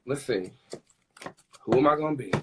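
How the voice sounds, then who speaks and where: A man giving a casual tarot reading on his vlog, chatty and sassy, with quick asides to his viewers. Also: mid-range voice, lively intonation, noisy background. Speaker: tarot reader and vlogger.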